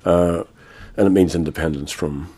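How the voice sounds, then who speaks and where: Deep-voiced older Irish man. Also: fairly even intonation, dark tone, breathy edge. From Ireland. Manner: measured, grave, with frequent pauses and fillers. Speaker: guest. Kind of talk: radio interview.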